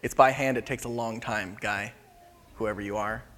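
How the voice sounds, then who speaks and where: A man's voice: fairly low pitch, fairly even intonation, moderate pace, a bit bright, pitched below the performer's own voice, lightly acted. A man voicing an impulsive grown fisherman disciple who talks in casual modern slang, grumbling at times and pleading at others, with a long hall reverb behind him.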